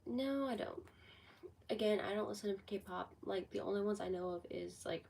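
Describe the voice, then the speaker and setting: A sixteen-year-old girl chatting casually on a livestream, rambling with lots of "like", her voice a bit hoarse from a cold. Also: mid-range voice, moderate pace, darkish tone, distant mic, poor audio. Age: teens. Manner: rambling, heavy use of "like". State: sick with a cold, voice going hoarse. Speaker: livestreamer answering chat.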